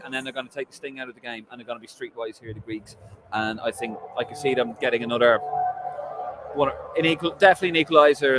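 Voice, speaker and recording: Against a noisy background, an Irish man with a voice on the high side hosts a football fan livestream at a stadium. He's chatty, reading comments and bantering with viewers, his talk peppered with fillers and jokes.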